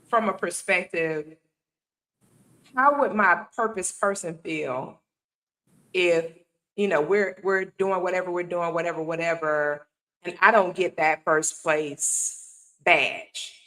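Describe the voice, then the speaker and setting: Bright-voiced woman hosting an animated chat. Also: on the low side, slow pace, pauses often, rough recording. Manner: animated storyteller, acts out quotes. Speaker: host. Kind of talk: casual talk-show chat.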